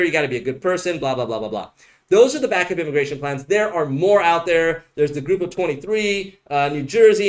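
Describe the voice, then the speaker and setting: Joking, rambling man, slightly high voice. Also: fairly bright tone. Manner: casual, joking, rambling, blunt. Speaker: immigration attorney. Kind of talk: livestream Q&A answering viewer comments.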